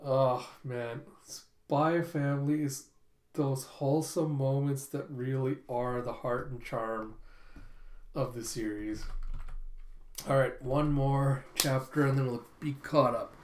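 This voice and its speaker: A host reading a manga aloud with quick, casual commentary and frequent laughs. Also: medium pitch, fairly even intonation, darkish tone, slight background noise. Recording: roomy echo.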